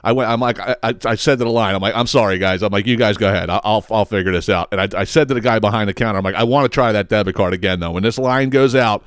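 Male podcast host telling a long story, swears constantly, restarts his sentences, smooth and clear voice, dry close sound. Casual and rambling. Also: lowish voice, rapid-fire, hardly any pauses, a bit bright, dry recording. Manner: profane, rambling, self-interrupting, laughs at own story.

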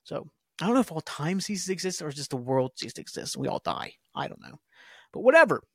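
Man, podcast host, rambling recap, somewhat high voice, dry close sound. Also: sing-song, quick pace, husky, no room sound. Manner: rambling, complains and paraphrases scenes loosely. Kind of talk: casual TV recap.

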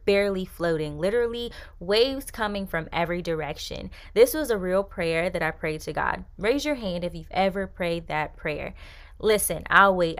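A woman's voice: fairly low pitch, a bit bright. A young woman hosting a faith-based podcast, talking in a chatty, upbeat way with casual slang. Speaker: podcast host.

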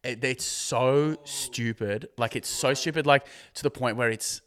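A man's voice: mid-range voice, measured pace, fairly bright tone. A man, a podcast guest, chatting casually in a rambling, giggly way, filling his talk with "like".

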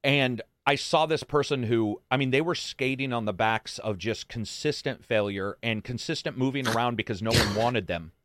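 A man's voice: mid-range voice, moderate pace, hardly any pauses, fairly bright tone, slight background noise. A man hosting a casual chat, telling stories in a blunt, profane way. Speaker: podcast host.

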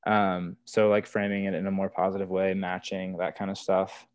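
A man's voice: low voice, completely flat delivery, moderate pace, clear, resonant tone, no room sound. A young man telling stories from his work as a wilderness therapy guide in casual, earnest podcast talk, full of "like" and "you know". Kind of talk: casual conversational storytelling.

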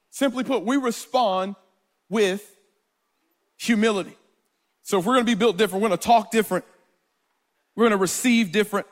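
A male pastor with a notably high-pitched voice delivers a live sermon to his congregation. He tells stories with humor and talks directly to the people in front of him. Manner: playful, storytelling, talks straight to the congregation.

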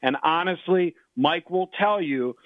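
A man's voice: on the high side, measured pace, no echo. Middle-aged man rambling over a phone line. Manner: rambling, repeats himself, many restarts. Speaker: sports betting handicapper, radio guest. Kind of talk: sports radio chat.

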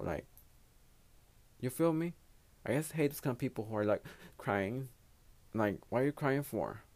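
Man, native Spanish speaker, gravelly, mellow dark tone, blunt rambling podcast talk. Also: mid-range voice. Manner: blunt, profane, rambling advice-giving. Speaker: podcast host. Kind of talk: casual solo podcast monologue.

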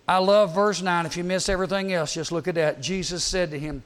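A man preaching a humorous sermon to teenagers, with a high-pitched voice. He is animated, teases his listeners and keeps slipping into quick character voices. His delivery stays lively throughout. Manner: animated, acts out quick voices, teasing asides. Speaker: youth camp speaker.

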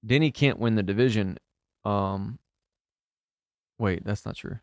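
A man co-hosting a casual podcast chat, quick with asides and laughing often. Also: fairly low pitch, no room sound, clean studio sound. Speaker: podcast co-host.

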